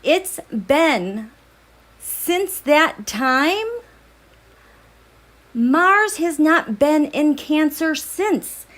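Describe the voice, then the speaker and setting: Woman, middle-aged, livestream host, chatty, excitable, breathless, stumbling restarts, slightly high voice. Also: extremely slow, long pauses. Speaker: tarot and astrology livestream host. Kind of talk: casual livestream chat.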